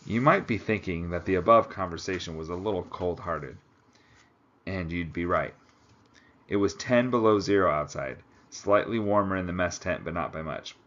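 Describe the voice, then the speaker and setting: A man reads a story aloud and drops in relaxed, chatty asides of his own. His voice sits low. The recording is slightly muffled and lo-fi. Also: moderate pace. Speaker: audiobook reader. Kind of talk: book reading with casual asides.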